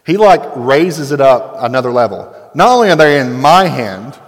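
A male pastor in his thirties delivering a sermon with emphatic, building intensity, drawing out key words for weight. His voice sits at an ordinary mid pitch. The sound carries a long reverb, like a large sanctuary. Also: big pitch swings, normal speed.

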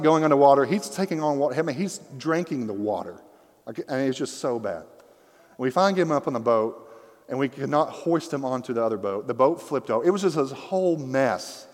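Young man, preacher, animated funny storyteller, hall reverb, mic. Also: mid-range voice. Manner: animated, humorous storytelling with rising excitement. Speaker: pastor. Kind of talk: sermon with storytelling. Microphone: microphone.

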